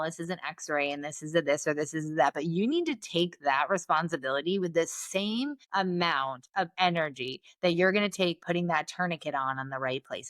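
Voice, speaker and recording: A woman speaking as a guest on an interview show, her voice sitting somewhat low and recorded dry and close. She tells her stories in an animated way, tagging sentences with "right?" and filling gaps with "like.". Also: dry recording. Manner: animated, fills speech with "like" and "right?". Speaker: guest, Navy physician. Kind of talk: conversational interview storytelling.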